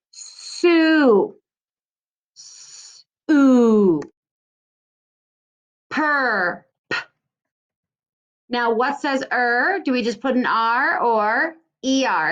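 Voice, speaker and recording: Sing-song woman teacher, slow and lively. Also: fairly high pitch, muffled recording. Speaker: second grade teacher. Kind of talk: recorded lesson for young children.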